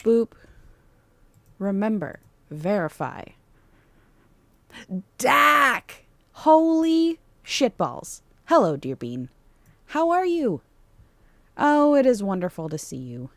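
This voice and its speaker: A woman's voice: mid-range voice, dark tone, no room sound. A woman streaming live, chatting casually and joking about herself while reacting to a cooking video. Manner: playful, self-joking, chatty asides to chat. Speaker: VTuber streamer.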